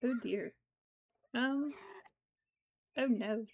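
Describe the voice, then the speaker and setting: A woman streaming her crochet work, talking softly in baby talk to her cat between steps. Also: on the high side, extremely slow, vocal fry, narrow, tinny audio. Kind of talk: casual livestream chat.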